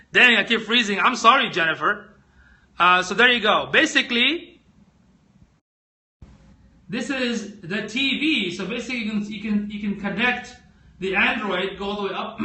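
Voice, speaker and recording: A man hosting a casual live stream, chatting with viewers and asking them lots of questions as he walks through tech products. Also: bright, forceful tone. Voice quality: squeaky voice. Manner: chatty, addresses viewers directly, asks many questions.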